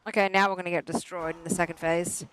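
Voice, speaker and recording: A therapist streaming a video game, talking to themselves and to chat in frantic, joking bursts with sudden yelps and mock-calm reassurances. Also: medium pitch, quick pace, clean tone. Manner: self-mocking, joking calm under pressure. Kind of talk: live gameplay commentary with chat.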